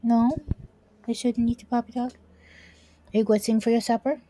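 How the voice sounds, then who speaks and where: A mellow, slightly high voice with little pitch movement comes from a middle-aged woman streaming a game at a normal pace. Chatting casually, she often mumbles asides under her breath.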